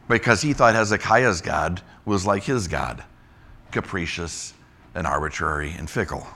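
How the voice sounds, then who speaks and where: Guy preaching a midweek bible study, bright voice, chatty, throws out lots of questions. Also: deep voice, normal speed. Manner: conversational, animated, rhetorical questions. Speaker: pastor. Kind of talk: Bible teaching sermon.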